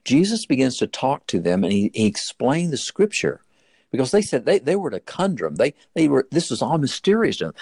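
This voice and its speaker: Sing-song and brisk, a man's slightly mellow, mid-range voice carries a sermon-style Bible story. He narrates earnestly, rising sharply at dramatic moments, and the recording has no echo.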